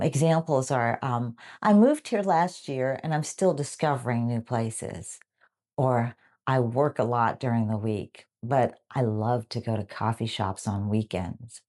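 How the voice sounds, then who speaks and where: Brief: woman English teacher, very deep voice, unhurried, upbeat modeling of phrases. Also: darkish tone. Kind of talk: live online lesson.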